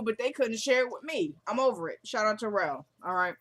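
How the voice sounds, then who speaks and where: A young woman hosting a casual vlog recap of a TV episode, chatty and slangy, acting out the characters' lines in quick quotes. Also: fairly high pitch, fairly bright tone. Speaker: show recap host.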